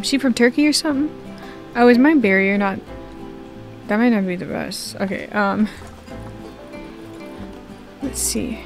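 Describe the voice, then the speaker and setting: Chatty young woman joking over gameplay. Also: fairly high pitch. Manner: chatty, joking, talks to herself. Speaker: gaming video creator. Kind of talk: casual gameplay commentary.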